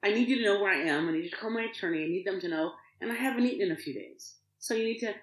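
A middle-aged woman, a podcast guest, telling an emotional personal story in an animated way, acting out the voices of others and often restarting her sentences. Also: medium pitch, very fast, reverberant, low-quality recording.

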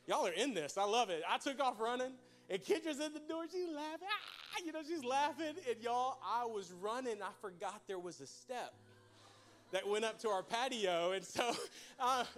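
A man's voice: extremely high pitch, moderate pace, a bit bright. A young man preaching a folksy, joking sermon to his church. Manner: folksy, joking, addresses crowd as y'all. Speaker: pastor.

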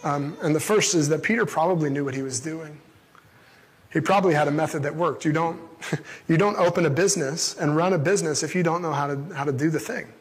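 A man's voice: fairly high pitch, fairly quick, husky. A man preaching a casual, conversational sermon into an amplified microphone, reading a Bible passage and then retelling it in everyday words. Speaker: pastor. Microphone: amplified through a sound system. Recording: long reverb in a large hall.

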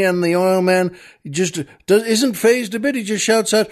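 A man's voice: high-pitched, measured pace, darkish tone. A man hosting a comedy podcast, telling jokes in a chatty monologue full of asides and chuckles. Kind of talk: casual comic monologue.

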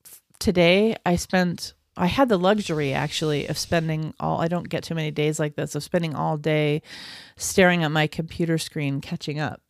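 A chatty woman co-hosting a loose podcast, her voice sitting a little low for a woman. She laughs easily and trails off mid-thought before starting over. The recording is close and dry, from a small shared room. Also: fairly even intonation, moderate pace, creaky, dry recording. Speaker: podcast co-host. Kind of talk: casual chat.

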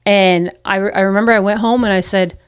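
A woman's voice: medium pitch, fairly even intonation, quick pace, smooth, dry recording, studio quality. A missionary pastor, a woman, earnestly telling personal stories in an interview. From United States. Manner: earnest, reflective, acts out her own past self-talk.

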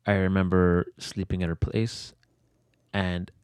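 A man's voice: low voice, flat delivery, a little slow, a little mellow, smooth, no room sound, clean studio sound. A young man telling a personal story in an interview. He rambles, leans on fillers and swears freely. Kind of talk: candid conversational storytelling.

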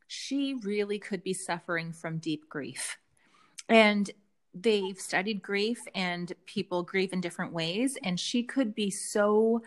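A woman in casual conversation as a podcast co-host, voice at a middle pitch. She is chatty and lays out her theories at length. Her talk is full of "like" and "um". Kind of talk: casual chat recapping a reality show.

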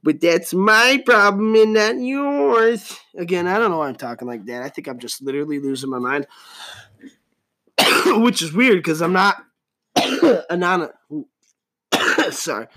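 A man's voice: a little high, lively intonation, normal speed, pauses often, sharp tone. A man in his thirties hosting a solo podcast, rambling casually with lots of profanity and jokes. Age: 30s. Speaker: podcast host.

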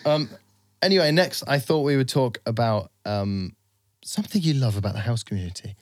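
A man's voice: mid-range voice, lively intonation, fairly quick, dry recording, clean studio sound. A man from England co-hosting a casual podcast chat, often laughing and slipping into silly voices when quoting people. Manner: chatty, laughing, puts on silly voices for quotes. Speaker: podcast co-host.

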